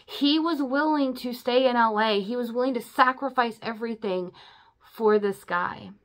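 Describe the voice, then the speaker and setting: A woman's voice: a little high, normal speed. Chatty, emotional woman recapping a book. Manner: chatty and emotional, many "you know" and "like" fillers. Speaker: book reviewer. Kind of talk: casual spoken book recap.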